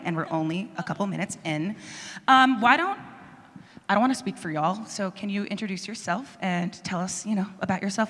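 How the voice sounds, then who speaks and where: A woman's voice: medium pitch, fairly bright tone. A woman hosting a panel on stage, enthusiastic and rallying, addressing a young audience in a large auditorium. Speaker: host. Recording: reverberant hall.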